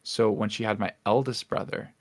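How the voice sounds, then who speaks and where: A young man with a low, gravelly voice co-hosts a casual podcast chat. He talks in a flat, even way and keeps looping back with fillers and restarts. The sound is dry and close to the mic. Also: normal speed, no room sound. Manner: rambling, many fillers and restarts. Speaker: podcast co-host.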